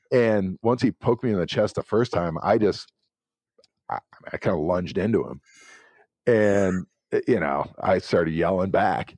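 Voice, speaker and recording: A man in his forties, a former pro football player, telling interview stories with lively acted-out quotes. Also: deep voice, normal speed, no echo. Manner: animated anecdotes with acted-out quotes. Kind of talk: casual interview storytelling.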